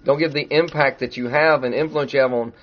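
A man's voice: medium pitch, steady tone, fairly quick. Middle-aged man preaching, dull recording. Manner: conversational preaching, rising to emphatic retelling. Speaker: pastor. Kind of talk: sermon.

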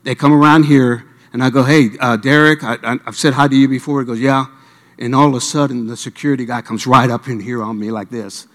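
Animated storytelling preacher in a reverberant hall. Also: male voice, mid-range voice, fairly quick. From Miami. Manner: animated storyteller, acting out voices and dialogue. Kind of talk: sermon storytelling.

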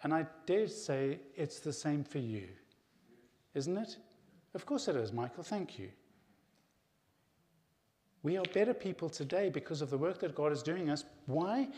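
Middle-aged pastor preaching in a reverberant hall. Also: male voice, a little high, expressive, measured pace, dark tone. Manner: earnest, addresses the congregation as "folk". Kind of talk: sermon. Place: church hall.

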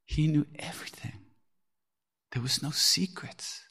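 Gravelly low-voiced man telling stories. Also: lively intonation, moderate pace. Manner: frank and earthy, swears and laughs at himself. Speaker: podcast host telling spiritual stories. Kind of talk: candid storytelling talk.

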